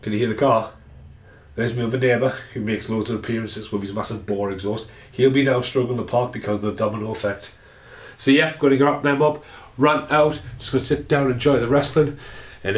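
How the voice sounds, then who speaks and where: There's a roomy echo as this vlogger, with a lowish voice and a brisk pace, rambles and swears to camera. It's a casual ranting vlog filmed inside his home.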